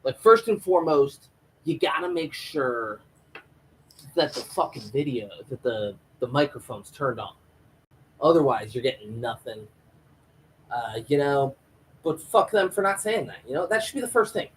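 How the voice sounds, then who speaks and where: A man's voice: mid-range voice, lively intonation, normal speed, a little hiss or hum, poor audio. A man hosting a live stream review of a TV episode, ranting and rambling in a casual, profane way into a home microphone.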